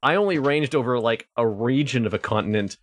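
A man's voice: mid-range voice, fairly quick. A man co-hosting a podcast in casual chat, joking and laughing. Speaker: podcast co-host.

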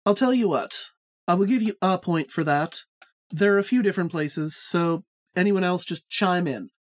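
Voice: mid-range voice, no echo, clean studio sound. A podcast host running a casual book club pop quiz, teasing and swearing, speeding through explanations. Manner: teasing, profane, quick bursts of explanation.

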